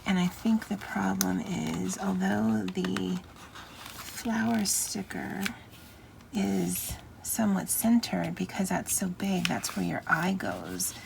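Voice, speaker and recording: A middle-aged woman chatting softly and often half-whispering as she decorates her planner, with a Valley Girl lilt. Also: medium pitch, slow, gravelly, noisy background. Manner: soft, often half-whispered, self-deprecating. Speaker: planner vlogger. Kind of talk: casual crafting chat.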